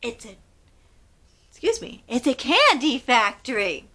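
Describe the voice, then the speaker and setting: A woman's voice: on the high side, very animated, a little slow, bright, forceful tone. A woman hosting children's storytime, reading aloud expressively in a sing-song way and asking the kids questions. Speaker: storytime host.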